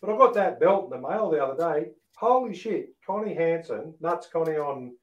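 A man's voice: on the high side, expressive, moderate pace, highs cut off. Swearing man in a roomy space. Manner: swearing, enthusiastic. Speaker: podcast host. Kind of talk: casual banter on a podcast. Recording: roomy echo.

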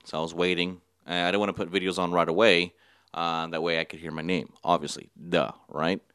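A man's voice: sits low, level tone, a little fast, a bit bright, clean tone, no room sound, clean studio sound. A young man hosting a casual solo podcast, rambling through a story with frequent laughs and offhand swearing. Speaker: podcast host. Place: small studio.

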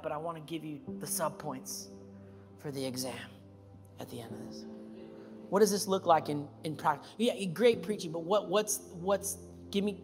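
A male pastor preaching a sermon, emphatic, rising to loud high peaks and then settling into calm, personal storytelling. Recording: reverberant church hall with music.

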